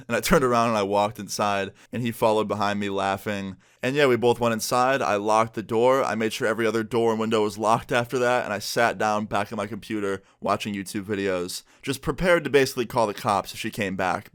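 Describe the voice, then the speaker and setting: A young man narrating a storytime vlog in a casual, animated way, acting out the lines of the people in his story. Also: lowish voice, quick pace, hardly any pauses, clear, resonant tone. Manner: casual, animated retelling with quoted voices. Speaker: vlogger telling a story.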